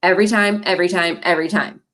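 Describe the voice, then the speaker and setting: A woman's voice: lowish voice, steady tone, fast talker, a bit bright. A middle-aged woman presenting a parent training, friendly and encouraging, with light laughs between points.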